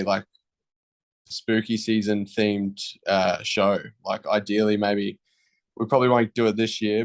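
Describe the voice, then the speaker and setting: A young man from a band, answering interview questions in a laid-back, slangy way. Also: fairly low pitch. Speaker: band member. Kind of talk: casual interview chat.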